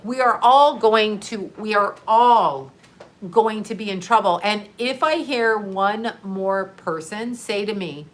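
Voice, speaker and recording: A woman talking casually on a live stream, animated and sarcastic, often breaking into laughter. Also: mid-range voice, takes it slowly.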